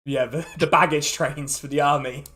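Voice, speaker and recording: A man, running a tabletop game as dungeon master, chatty and quick to laugh, often restarting his sentences. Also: fairly high pitch, fairly even intonation, sharp tone.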